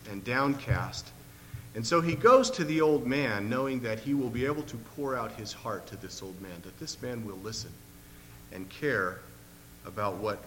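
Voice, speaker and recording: A man preaching a sermon and retelling a story, in an earnest, measured way, often clearing his throat, recorded in a long-echoing hall with a faint hum. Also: lowish voice, a bit bright.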